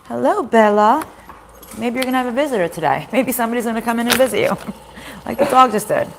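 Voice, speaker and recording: A woman's voice: on the high side, animated, very fast, gravelly, noisy background. A woman giving a casual tarot reading at home, chatting to viewers, voicing their inner thoughts and swearing freely. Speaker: tarot reader. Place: home kitchen in a house.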